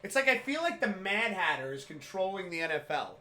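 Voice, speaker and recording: A man co-hosting a sports podcast, telling stories in casual chat with loud excited outbursts and swearing. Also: sits high, brisk, roomy sound. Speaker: podcast co-host.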